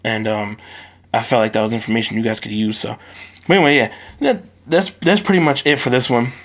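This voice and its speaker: A man hosting a solo podcast into his phone, ranting in a lively, profane way. His medium-pitched voice jumps up when he gets worked up. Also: fairly quick. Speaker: podcast host.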